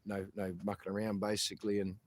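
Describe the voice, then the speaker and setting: A man's voice: on the low side, completely flat delivery, fast talker. Earnest Australian man, rambling mate-talk. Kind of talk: casual livestream talk.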